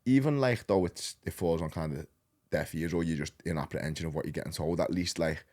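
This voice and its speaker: A man in his thirties with a Liverpool accent, a podcast guest telling his story in a rambling, animated, slang-heavy way. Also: a bass voice, brisk. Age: 30s. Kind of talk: casual storytelling.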